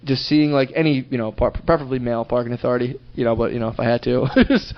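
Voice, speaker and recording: A man's voice: medium pitch, quick pace, highs cut off. A man co-hosting a crude comedy podcast, telling profane stories and laughing often. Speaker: podcast co-host.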